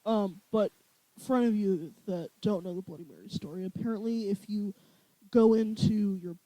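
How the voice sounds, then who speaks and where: A young co-host tells stories in an animated way, often breaking into laughter. The tone is warm and mellow at a mid pitch. The recording is dry and close. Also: normal speed, no echo, rough recording. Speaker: podcast co-host. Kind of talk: casual chat.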